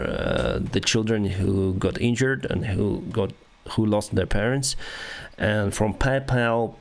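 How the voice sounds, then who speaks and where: A Ukrainian-accented man chats casually on a livestream, answering viewer questions. His voice sits low, and he speaks slowly with many pauses and restarts as he searches for words. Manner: halting, many restarts and fillers, reads comments aloud. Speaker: airline pilot and livestream host. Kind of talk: casual livestream chat reading viewer comments.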